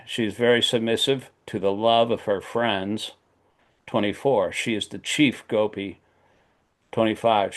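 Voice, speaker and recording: A man with a fairly low voice leads a class over a video call. He reads scripture aloud in a steady, list-like way and adds brief comments of his own. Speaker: class leader.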